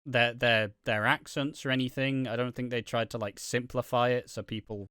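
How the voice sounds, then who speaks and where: A man with an English accent co-hosting a podcast, speaking in halting casual chat with lots of restarts and casual swearing. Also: mid-range voice, fairly even intonation, a bit bright, clean tone, no echo, clean studio sound. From England. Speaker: podcast co-host.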